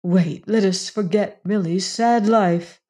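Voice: mid-range voice, fairly even intonation, slow pace, mellow, close to an everyday voice. A reader voicing a torn, anguished woman in an audiobook, pleading in a breathless, raised voice. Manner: pleading, breathless, often whispered. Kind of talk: audiobook reading.

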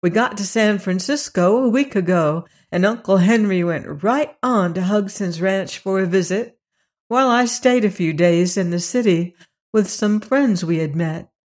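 A reader voicing a polite, inquisitive little girl in an audiobook, pitched a bit above the narration. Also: measured pace, lightly acted. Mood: curious. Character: polite, curious little girl traveling home. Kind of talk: audiobook character reading.

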